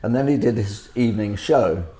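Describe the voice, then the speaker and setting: A man recounting music-industry stories in a halting way, often repeating words. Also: fairly low pitch, mellow. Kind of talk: casual chat, anecdotes.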